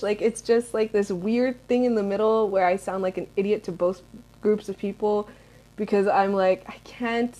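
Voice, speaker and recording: A woman's voice: mid-range voice, fairly even intonation, normal speed, dark tone. A young American woman in her twenties, answering viewer questions in a rambling, chatty vlog with lots of fillers. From United States. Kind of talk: casual Q&A chat.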